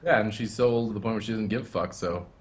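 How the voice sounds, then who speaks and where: Fast-talking low-voiced man. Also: slightly rough. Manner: offhand, distracted, rapid. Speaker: podcast co-host. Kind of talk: casual group chat while gaming.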